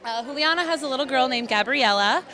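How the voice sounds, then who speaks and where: A woman's voice: high voice, expressive, quick pace, pushed and bright. A woman who runs operations for a company, explaining it in a friendly way.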